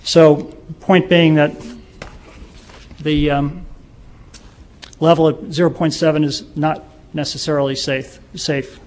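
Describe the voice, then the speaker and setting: Flat-voiced man citing figures. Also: on the high side, takes it slowly, long pauses, slight background noise. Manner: earnest, reciting statistics with many ums. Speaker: public commenter. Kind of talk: public comment at a council meeting.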